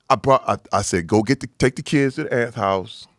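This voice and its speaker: A man telling a personal story as a podcast guest, jumping from loud exclaiming to hushed low tones and acting out the people he quotes. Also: fairly quick, hardly any pauses, no echo, studio quality. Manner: acts out quoted voices in his story. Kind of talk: casual storytelling.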